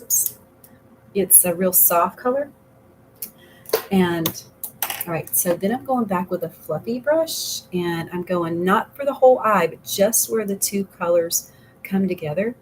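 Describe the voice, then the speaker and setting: A woman's voice: fairly low pitch, a little hiss or hum, poor audio. A middle-aged woman giving a casual makeup tutorial as a makeup consultant, rambling and chatty with frequent laughs.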